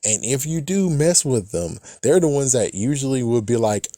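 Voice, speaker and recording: A man's voice: mid-range voice, very animated, normal speed, few pauses, warm tone, no echo, clean studio sound. A man casually reviewing a TV episode, rambling and cursing often, with frequent "it's like" asides. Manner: rambling, profane, repeats "it's like". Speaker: show reviewer.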